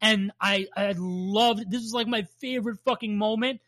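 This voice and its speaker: A woman co-hosts a podcast at a moderate pace in a mid-range voice, casually recapping a cartoon episode with plenty of swearing and animated laughter. The recording has no room sound.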